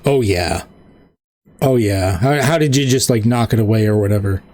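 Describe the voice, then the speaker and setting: A man's voice: on the low side, normal speed, darkish tone, dry recording, clean studio sound. A man running an online tabletop game as game master. He explains the rules patiently and thinks aloud.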